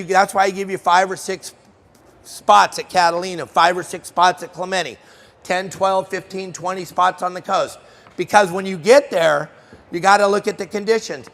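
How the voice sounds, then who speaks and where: A man's voice: sits high, vocal fry, fairly bright tone. A middle-aged man giving a live fishing seminar, joking with and quizzing the audience by name. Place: trade show hall. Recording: long hall reverb.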